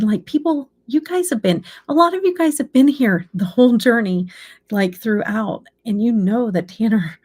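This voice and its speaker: A middle-aged woman who hosts a beauty channel chats casually with her viewers, rambling and getting emotional as she tells a story about her son. Her voice is lowish, somewhat dark and slightly rough.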